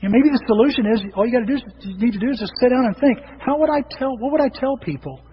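A middle-aged man preaching in a high, easy storytelling voice, slipping into the voices of people he quotes. He sounds like he is in a large church, with a long reverb tail. The recording is dull and muffled, with a faint hiss underneath. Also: animated, racing. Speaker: pastor. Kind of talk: sermon. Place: church sanctuary.

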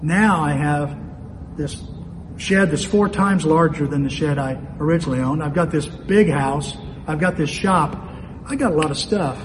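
A man's voice: fairly high pitch, normal speed. A male pastor preaching a sermon in a conversational way, telling stories and putting questions straight to his listeners. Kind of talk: sermon with storytelling. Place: church sanctuary. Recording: reverberant hall with faint noise.

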